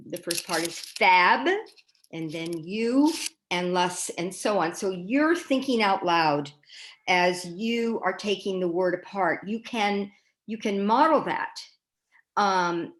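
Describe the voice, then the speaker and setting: A woman on a parenting panel talks through reading strategies at a medium pitch. She is patient and thinks out loud, stepping through each example. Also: low-quality recording. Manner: thinks out loud, models words step by step. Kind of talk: casual panel discussion.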